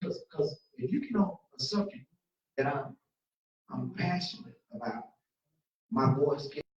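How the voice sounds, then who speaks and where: A passionate, folksy preacher leading a church Bible study, speeding up and cutting in when fired up. The voice sounds small and distant, heard from across a very echoey church hall. The sound is dull, with the highs rolled off. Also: animated, measured pace, darkish tone.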